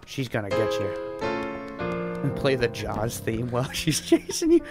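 With a mid-range voice that swoops wildly in pitch and moves a little slowly, this gamer rambles and giggles through remarks on someone else's play. The commentary is playfully profane, with game music underneath.

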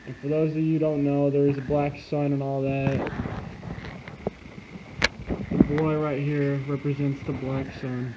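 A man's voice: a little high, flat delivery, measured pace, long pauses. A man talking over a video clip, profane and insistent as he explains a hidden message. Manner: profane, insistent conspiracy talk. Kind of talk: casual video commentary. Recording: dull lo-fi sound with clear noise.

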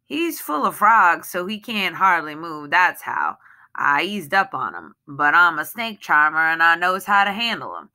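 A woman's voice: lowish voice, big pitch swings, a little slow, bright, forceful tone, full character voice. A woman voicing a cruel, boastful husband who sneers in heavy dialect. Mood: sneering. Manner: sneering, swaggering. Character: cruel, boastful Southern husband, adult man.

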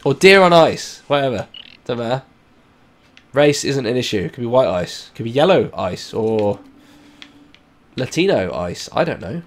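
A man giving rambling, self-mocking let's play commentary that breaks into loud, excited yells and swearing. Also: medium pitch, normal speed, pauses often. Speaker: gaming channel host.

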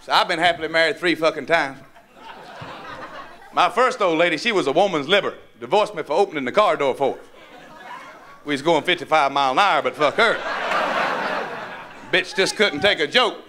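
A man with a North Carolina Southern accent doing a crude stand-up set, with a rough, profane, drawling punchline delivery. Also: fairly high pitch, normal speed, pauses often. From North Carolina, USA. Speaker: stand-up comedian. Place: comedy club stage. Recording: live club with crowd laughter and noise.

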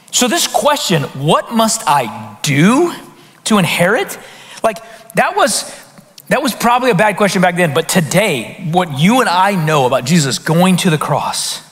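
A man delivering a sermon from the pulpit, his voice pitched high and swinging widely as he talks straight to the congregation. He peppers his preaching with quick questions and stumbles into restarts. The sanctuary adds a long, ringing reverb. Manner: animated, conversational preaching with frequent restarts and rhetorical questions. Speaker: pastor. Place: church sanctuary. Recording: hall reverb in a church.

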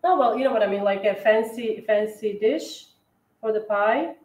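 A woman's voice: mid-range voice, normal speed, darkish tone. A woman hosting a decorating livestream, chatting casually with many fillers and self-corrections. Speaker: cookie decorating livestream host. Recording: echoey room.

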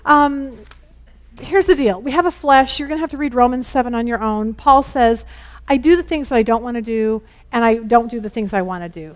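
A middle-aged woman teaching a women's Bible study in an informal, candid way, hurrying to finish and acting out family conversations as she goes. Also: fairly high pitch. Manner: chatty and candid, rushing against the clock; acts out family conversations in lively quoted voices.

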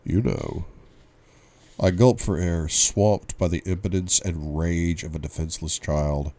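A man reading a novel aloud, giving steady first-person audiobook narration. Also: deep voice, normal speed. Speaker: book reader.

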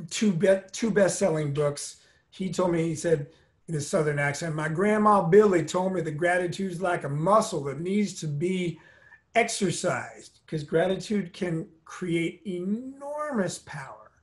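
A middle-aged man, a drummer and motivational speaker, telling his story in an earnest, emphatic interview manner. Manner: earnest, motivational, emphatic with soft lowered passages.

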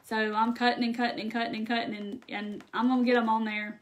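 Brief: Southern woman craft-stream host, Mississippi drawl, a touch high, folksy and chatty. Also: flat delivery, fast talker. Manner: chatty, folksy, laughs often. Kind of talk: casual live chat with viewers. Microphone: phone or webcam on a live stream.

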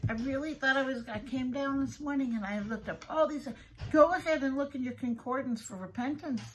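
Middle-aged woman, high voice, earnest heartfelt devotional host. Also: a little hiss or hum, rough recording. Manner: earnest, heartfelt, repeats herself. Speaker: prayer podcast host. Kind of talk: devotional talk.

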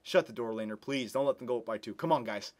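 Excitable man commentating a hockey game. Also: mid-range voice, quick pace. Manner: emotional, pleading with the team, bursts into excited yelling.

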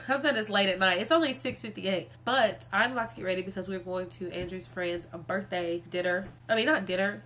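Young woman, congested, chatty vlogger, mid-pitched voice, noisy phone recording. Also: a bit bright. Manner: chatty, talks straight to viewers as "y'all". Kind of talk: casual vlog chat. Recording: noisy background.

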